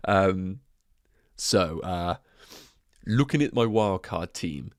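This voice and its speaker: A man with a low, animated voice hosts a casual fantasy football livestream, sounding a bit out of breath as he chats with viewers and answers their questions. He's chatty, bantering with chat and throwing in quick asides. The recording is dry and studio quality.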